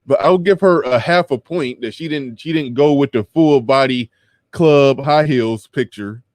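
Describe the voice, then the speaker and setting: A man's voice: medium pitch, unhurried, darkish tone, no echo. A man hosting a live show, commenting in a chatty, wry way and reading pages aloud. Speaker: podcast host.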